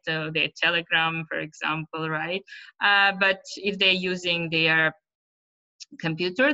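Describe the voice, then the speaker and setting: Through muffled, lo-fi webinar sound, a middle-aged teacher trainer with an Uzbek accent explains things patiently, peppering her talk with fillers and "right?" checks. She sounds bright and forceful, her voice on the low side.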